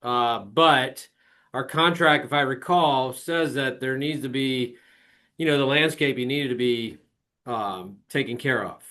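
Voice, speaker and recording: A man playing a buyer client in a training role-play, laid-back and unhurried, away from the mic. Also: mid-range voice, bright, forceful tone. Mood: calm.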